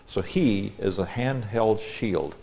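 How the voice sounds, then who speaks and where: A man's voice: lowish voice, slow pace, gravelly, darkish tone. A man teaching through a psalm verse by verse, reading each line and explaining the Hebrew words, stressing the key lines. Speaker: Bible teacher.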